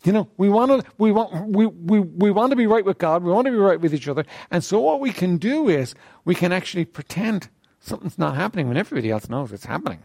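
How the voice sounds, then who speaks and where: A man leading a church group in a conversational talk on faith, asking questions of the group and often clearing his throat. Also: high-pitched, animated, fast talker, dark tone, no room sound, studio quality.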